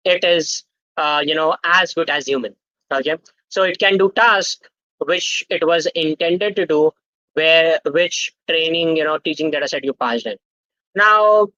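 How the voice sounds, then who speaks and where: A man's voice: a little high, pushed and bright, no echo, highs cut off. A young man, teaching a live online workshop. He quizzes the chat and keeps checking in with "okay?". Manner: interactive, quizzes the chat, tags sentences with "okay?". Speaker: guest speaker at a student tech workshop.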